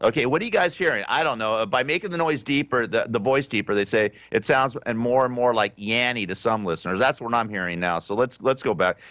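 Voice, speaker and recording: A man's voice: mid-range voice, fairly quick, hardly any pauses, a bit bright, no echo, dull audio. Rambling, sarcastic man on talk radio. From Southern California. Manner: rambling, sarcastic and offhand, with frequent restarts. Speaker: radio host. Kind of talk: casual talk radio monologue.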